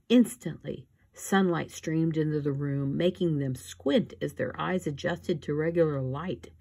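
A woman reading a novel aloud as narrator, with steady, measured storytelling. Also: sits low, slightly rough. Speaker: audiobook reader. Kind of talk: scripted narration.

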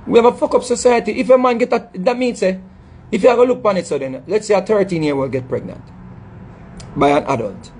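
A man's voice: high voice, expressive, a little fast, a little mellow, slight background noise. A middle-aged man with a Jamaican accent, talking in an impassioned monologue, emphatic and scolding, repeating phrases and stumbling over words. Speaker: dancehall artist speaking to his audience.

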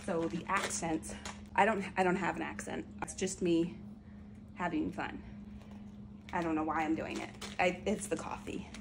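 Chatty, excitable woman unboxing returns. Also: on the low side, moderate pace, creaky, background noise. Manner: chatty, excitable, talks to viewers while unboxing. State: over-caffeinated. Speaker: reseller vlogger. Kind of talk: casual unboxing vlog.

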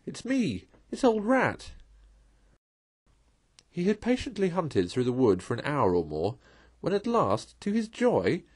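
A man narrating a classic children's novel aloud in a measured, expressive way. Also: mid-range voice, breathy edge, no room sound. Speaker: storyteller.

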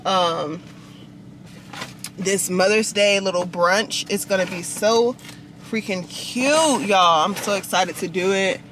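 A woman's voice: mid-range voice, background noise. A young woman vlogging in a bubbly, chatty way, talking straight to her viewers. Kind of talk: casual vlog chat.

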